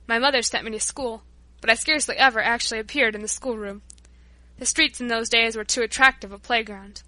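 A woman's voice: on the high side, fairly even intonation, brisk, pushed and bright, no room sound. A woman reading an audiobook, voicing a humble, repentant male Breton workman and former drunkard, with an earnest, pleading delivery. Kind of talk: audiobook narration.

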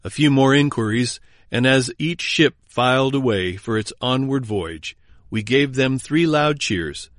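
A man narrating a historical memoir in a measured, formal reading. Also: mid-range voice, lively intonation, fairly bright tone, no echo, studio quality.

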